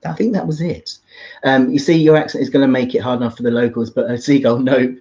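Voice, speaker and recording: A man's voice: mid-range voice, steady tone, fast, dark tone. A young man hosting a casual livestream, laughing often and reading out viewer comments. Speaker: livestream host. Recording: dull lo-fi stream audio.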